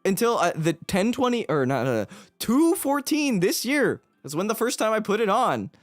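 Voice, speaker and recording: A man chats loosely with friends on a stream, his pitch jumping all over as he jokes and laughs. Faint music runs underneath him. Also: very animated, normal speed. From United States. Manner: laughs often, loose and joking. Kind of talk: casual chat on a group call.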